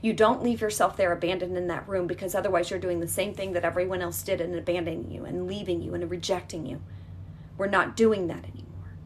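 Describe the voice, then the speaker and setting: A woman's voice: lowish voice, steady tone, fast, few pauses, a little hiss or hum. A woman leading a guided healing exercise, talking in an emphatic, repetitive coaching manner that is reassuring and direct.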